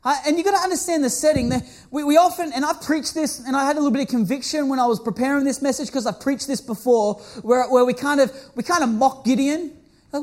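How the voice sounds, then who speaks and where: A young man preaching, telling a funny personal story with animated, self-mocking bursts and laughter. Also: extremely high pitch, fairly quick. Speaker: pastor. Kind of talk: storytelling sermon.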